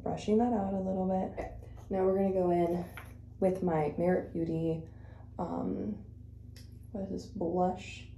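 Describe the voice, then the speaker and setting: A woman's voice: fairly low pitch, creaky, mellow, a little hiss or hum. Chatty woman vlogger in an echoey room. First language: Spanish. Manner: chatty, rambling with fillers and self-corrections. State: a little out of breath. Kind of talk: casual chat while doing makeup.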